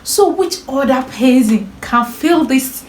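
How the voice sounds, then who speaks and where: A woman's voice: high-pitched, animated, takes it slowly, a little mellow, a little hiss or hum. A woman hosting her own video channel, chatting casually and teasing her brother as she interviews him. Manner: playful, teasing. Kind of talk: casual chat to camera. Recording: echoey room.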